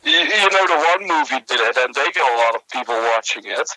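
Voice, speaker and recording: A young man co-hosting a comedy podcast, telling a rambling story with many halting restarts. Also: mid-range voice, expressive, bright, forceful tone, no room sound, rough recording. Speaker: podcast co-host.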